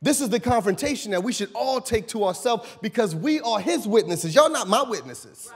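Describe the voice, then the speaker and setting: A man pastor preaching a sermon, swinging between loud shouted lines and low quiet asides. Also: lively intonation, moderate pace. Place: church sanctuary. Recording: long reverb in a large church hall.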